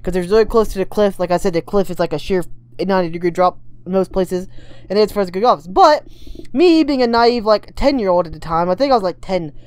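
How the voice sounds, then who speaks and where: Fast, rambling story-time woman. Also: medium pitch, darkish tone, clear, resonant tone. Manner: rambling, full of "like" and "right?". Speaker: vlogger. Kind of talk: casual story-time vlog.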